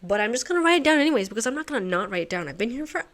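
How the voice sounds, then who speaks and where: A woman's voice: fairly high pitch, very animated, rapid-fire, few pauses, a bit bright. A woman hosting a puzzle channel, talking to herself as she solves, muttering, swearing and laughing at herself.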